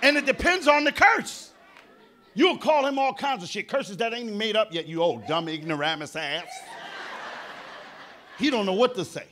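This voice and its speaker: A middle-aged man with a New York accent doing a live stand-up set, loud and brash, dropping to mutters and then bursting into shouts. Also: sits high, lively intonation, normal speed, long pauses. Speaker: stand-up comedian. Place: live theater stage.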